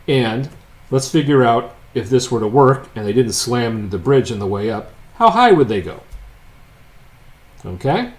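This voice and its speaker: Wry man lecturing with dry jokes. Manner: wry, joking storyteller, swings between loud and low asides. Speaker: physics lecturer. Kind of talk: casual classroom lecture. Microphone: unseen lecturer, voice-over of board work.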